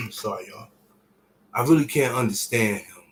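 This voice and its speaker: A man's voice: mid-range voice, measured pace, poor audio. A man telling an emotional personal story to his viewers in casual, profane speech, his voice falling to near-whispers and then swelling again. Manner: drops to near-whispers and rises to shouts while retelling. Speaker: vlogger sharing a personal story.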